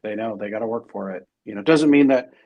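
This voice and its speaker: A man's voice: fairly low pitch, quick pace, phone-quality sound. A middle-aged man as interview guest, talking casually and rambling with many fillers and restarts.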